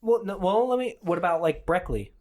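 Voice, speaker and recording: A man's voice: high-pitched, expressive, fairly quick, darkish tone. A young man co-hosting a comedy podcast, rambling and self-mocking in casual chat. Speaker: podcast co-host.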